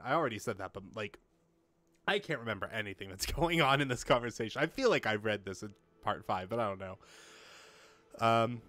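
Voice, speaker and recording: A man's voice: fairly low pitch, a bit bright. Chatty young man reading game dialogue. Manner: chatty, self-mocking, swears when frustrated. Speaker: let's play gamer. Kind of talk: casual gameplay commentary, reading dialogue aloud. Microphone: home desk mic with pop filter.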